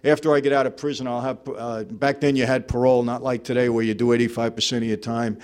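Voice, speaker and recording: A New York man gives his personal testimony to a live audience, telling it conversationally, acting out snippets of dialogue and saying "you know" often. His mid-range voice has a darkish tone and little pitch movement, and he speaks fast.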